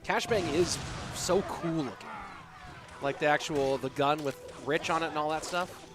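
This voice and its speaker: A man's voice: fairly high pitch, moderate pace, over music. A man hosting an esports live stream, chatting in a laid-back, joking way. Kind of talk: casual live-stream commentary.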